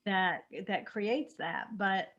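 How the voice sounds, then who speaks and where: A woman co-hosting a spiritual talk show, chatty, with quick asides, laughter and many "I mean"s. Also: medium pitch, a bit bright, lo-fi sound. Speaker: podcast co-host. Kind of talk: spiritual conversation.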